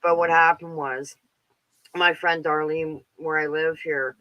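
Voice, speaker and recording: A man's voice: a little high, flat delivery, unhurried, no echo, muffled recording. A Canadian man in his fifties chatting casually as a caller, rambling with plenty of filler words. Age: 50s. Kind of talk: casual chat.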